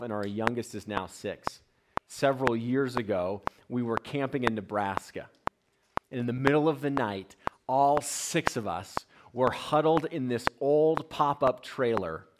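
A male pastor in his thirties preaches to a gathered congregation, telling stories and asking the room direct questions. His voice sits at an everyday middle pitch. The live church recording carries clear background noise. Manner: prays softly, then preaches with lively storytelling and questions to the room. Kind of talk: sermon.

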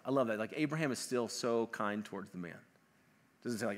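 A man preaching a sermon, animated and acting out the voices of the people he quotes. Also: mid-range voice, fairly quick. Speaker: pastor.

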